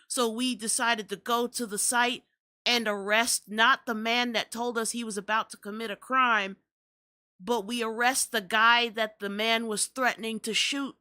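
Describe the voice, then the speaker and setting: A woman's voice: on the high side, fairly even intonation, measured pace, bright, forceful tone. A young adult woman hosting a podcast, ranting in exasperated, profane commentary. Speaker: podcast host.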